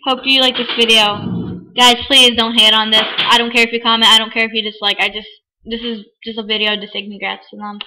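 A woman's voice: on the high side, level tone, a little fast, noisy background. A teenage girl chatting casually in a vlog, rambling and giggling, often apologizing. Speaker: vlogger. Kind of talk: casual chat.

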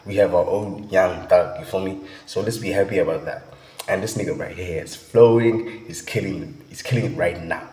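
A young South African man with a low voice talks hyped and slangy, dropping "bruh" and "you feel me" again and again. He sounds like he is in a room with heavy echo and a long ringing reverb. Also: darkish tone. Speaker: music reaction vlogger. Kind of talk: casual reaction chat.

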